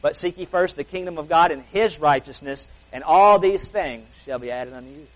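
A man preaching a sermon as pastor, emphatic, slowing down and stretching key words. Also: fairly high pitch, rough recording.

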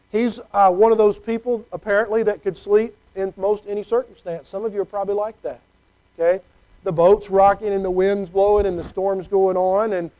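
A man's voice: sits high, dark tone, low-quality recording. A middle-aged man preaching a conversational sermon, often checking in with "okay?". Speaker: pastor.

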